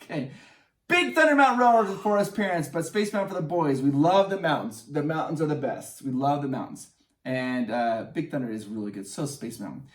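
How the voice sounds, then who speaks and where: A man's voice: on the high side, animated, fairly quick, reverberant, recorded from a distance. A man hosting a casual vlog, reading viewer answers aloud with enthusiasm and frequent laughter. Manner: upbeat, enthusiastic, laughs often. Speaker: vlog host.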